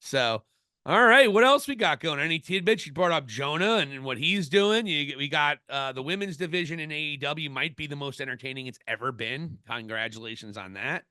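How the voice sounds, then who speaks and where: A man's voice: fairly high pitch, a little fast, sharp tone, no room sound, clean studio sound. A man co-hosting a wrestling podcast, talking casually in an opinionated, rambling way with many restarts. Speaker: podcast co-host.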